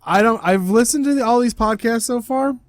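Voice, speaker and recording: High-voiced man, rambling casual intro. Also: fairly quick, no room sound, studio quality. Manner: rambling, self-correcting. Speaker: reaction video host. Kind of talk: casual solo intro to a reaction video.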